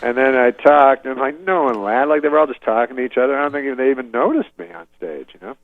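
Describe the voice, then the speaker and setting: A man doing an impression of a comedian telling a rambling, deadpan story, full of fillers and restarts, on dull lo-fi audio. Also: mid-range voice, quick pace, no room sound, close to an everyday voice.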